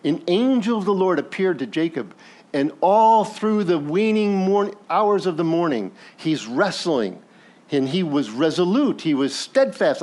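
Male pastor, sermon, conversational and animated, voice on the higher side, very lively melody. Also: measured pace. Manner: animated, acts out biblical characters in passing; conversational, asks the congregation questions.

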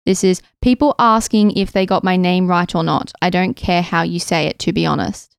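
A young woman co-hosting a podcast, reading listener messages and chatting in an animated way. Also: fairly low pitch, normal speed, creaky, smooth, dry recording, studio quality. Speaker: podcast co-host. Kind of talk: casual chat.

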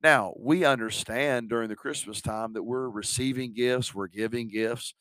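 A man's voice: medium pitch, normal speed, fairly bright tone, no room sound. A middle-aged man, a pastor preaching a sermon in a conversational way, asking the congregation questions.

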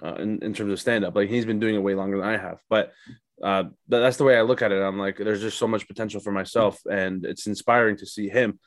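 A man's voice: lowish voice, steady tone, quick pace, no echo. A young man, a stand-up comic, chatting casually on a podcast with lots of fillers and swearing. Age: young adult. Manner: loose, profane, rambling with many fillers. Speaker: stand-up comedian, podcast guest.

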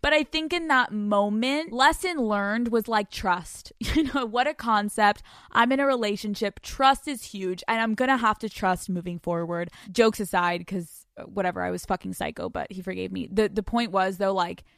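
A woman's voice: medium pitch, normal speed, few pauses, a bit bright, clean tone, no echo, studio quality. A woman in her twenties hosting a podcast, telling a story in a casual, profane, laughing way and acting out the quotes. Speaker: podcast host.

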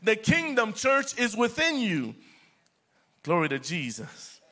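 A man preaching a sermon to his church, swinging between loud declarations and soft whispers and repeating words for emphasis. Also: high-pitched, huge pitch swings, slow. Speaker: pastor.

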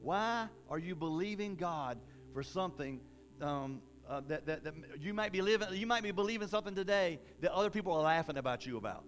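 High-voiced man preaching a lively sermon. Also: fairly quick, slight background noise. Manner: animated, conversational preaching with bursts of emphasis; folksy, casual phrasing.

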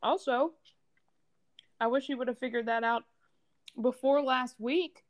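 A woman's voice: high-pitched, a little slow. A woman co-hosting a casual chat, reacting with wry, teasing comments. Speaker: podcast co-host.

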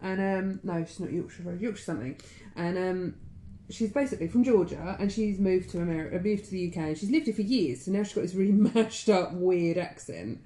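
A woman's voice: fairly low pitch, a little fast, dark tone, slight background noise. A woman, co-hosting a podcast in casual chat. She is chatty, laughs often and swears freely. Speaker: podcast co-host. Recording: echoey room.

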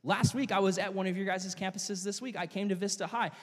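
A young man preaching a youth sermon as pastor, telling stories with animated acted-out voices. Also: sits high, a little fast, slightly rough. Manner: animated storytelling, acting out quoted voices. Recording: long reverb of a church hall.

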